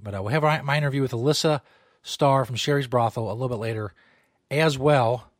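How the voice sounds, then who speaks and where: Man, comedy podcast host; loose, rambling, profane, self-mocking; mid-pitched; close, dry studio sound. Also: a little fast, no room sound. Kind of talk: casual, profane show banter. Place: small home studio.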